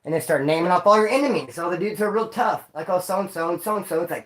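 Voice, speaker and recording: A man's voice: high voice, quick pace, fairly bright tone. A man hosting a livestream, telling stories in casual slang, rambling and repeating himself. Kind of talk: casual storytelling. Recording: roomy echo.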